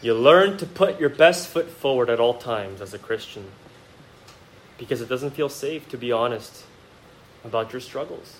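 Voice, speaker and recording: An animated male pastor with a mid-range voice preaches at a normal speed in a church sanctuary, questioning his congregation rhetorically and shifting from quiet, reflective remarks to emphatic outbursts. The recording is rough, with slight background noise.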